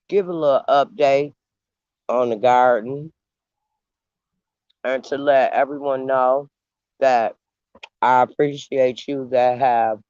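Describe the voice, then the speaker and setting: A man hosting a casual livestream, talking slowly with long pauses and eating as he speaks. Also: mid-range voice, darkish tone, clear, resonant tone, dry recording, muffled recording. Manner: unhurried, pausing, eating while talking. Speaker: channel host. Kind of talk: slow casual livestream chat.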